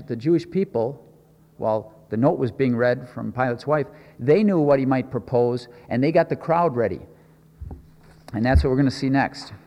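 A man's voice: medium pitch, a little mellow, long reverb tail. A man preaching in a conversational, explanatory way, asking the audience questions as he teaches a Bible passage.

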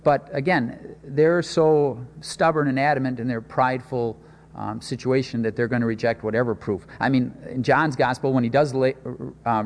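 A man preaching a sermon, telling a scripture story with dramatic swings between loud and soft. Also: mid-range voice. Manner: expressive storytelling with sudden swings in loudness. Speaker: pastor. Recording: long hall reverb.

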